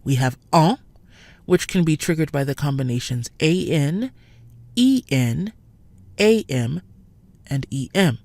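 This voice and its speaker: Female language teacher, deep, deliberate delivery, dry close recording. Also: expressive, a little mellow, no room sound. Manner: clear, deliberate, slows to model sounds. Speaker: French pronunciation teacher. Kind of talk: scripted lesson narration.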